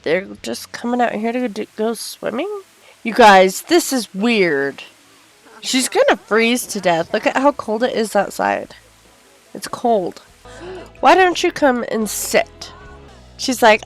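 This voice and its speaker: A woman's voice: on the high side, sing-song, takes it slowly, vocal fry. A woman chatting casually over her life-sim gameplay, talking to her characters and her viewers. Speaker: gameplay narrator. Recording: faint background music.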